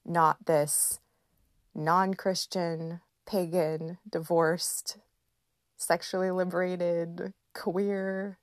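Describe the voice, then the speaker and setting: A woman in her thirties hosting a podcast, speaking in a slow, gentle and emotional personal reflection with soft laughs. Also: fairly low pitch, flat delivery, dry recording, clean studio sound. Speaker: podcast host.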